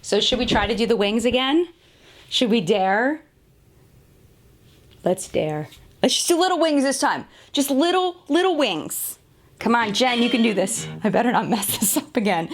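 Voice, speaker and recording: A woman's voice: on the high side, animated, moderate pace. A woman in her thirties reviewing makeup in a casual, chatty way, often laughing at herself, talking to the camera at home. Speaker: beauty vlogger.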